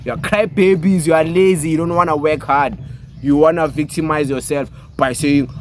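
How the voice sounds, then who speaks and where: A man's voice: fairly high pitch, fairly even intonation, normal speed, slight background noise. A South African man with a South African accent, ranting in a heated, mocking monologue full of repeated rhetorical questions. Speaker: commentator.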